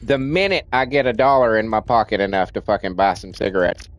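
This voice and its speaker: A man's voice: fairly low pitch, fairly quick. A man streaming a game, venting in a rambling rant full of restarts and swearing, and in nicotine withdrawal. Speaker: livestream gamer.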